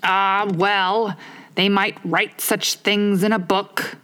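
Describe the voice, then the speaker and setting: A pompous, touchy egg-man holds forth from his wall, drawing out his words in a slow, haughty, raised voice, as a woman reader puts him on. He lectures rather than talks, leaning hard on each grand phrase. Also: medium pitch, big pitch swings, a bit bright, pitched above the performer's own voice. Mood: lofty.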